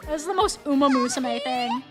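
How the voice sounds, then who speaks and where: A woman's voice: high-pitched, expressive, a little fast, over music. A woman streamer giving chatty, rambling game commentary, poking fun at herself. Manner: chatty, rambling, self-mocking.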